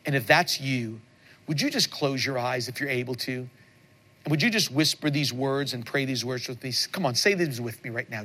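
A man's voice: mid-range voice, animated, normal speed, sharp tone. A male pastor preaching a sermon and leading an altar call, earnest and repetitive, with stammered restarts.

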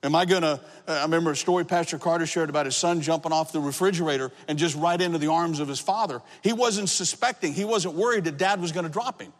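High-voiced preacher in a reverberant hall. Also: male voice, quick pace, hardly any pauses. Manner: emotional testimony, rising to shouts. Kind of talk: sermon.

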